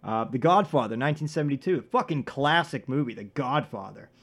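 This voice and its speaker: A man hosting a comedy podcast, rambling and profane, with deadpan absurd jokes. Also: mid-range voice, fairly quick, husky. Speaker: podcast host.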